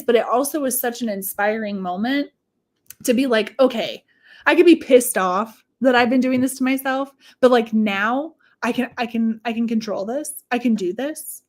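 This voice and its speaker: Her voice sits a little high as this manifestation coach and psychic medium shares her story on a podcast. Frank and foul-mouthed, she recounts it in a casual chat, voicing what she used to think to herself.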